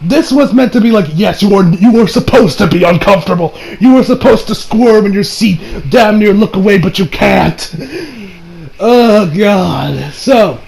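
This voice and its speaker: A young man giving a casual anime review, excitable and profane, often acting out his own shocked reactions. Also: high voice, measured pace, creaky, low-quality recording. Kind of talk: casual video review rant.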